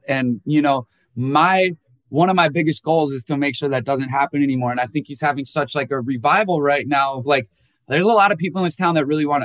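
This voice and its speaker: A young man talks openly as an interview guest, slightly high-voiced and heard close and dry. He tells stories with feeling and acts out what others said, pushing his voice higher for each quote. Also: no room sound. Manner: animated storyteller who acts out quotes in a higher voice. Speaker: musician guest. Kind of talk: candid emotional interview talk.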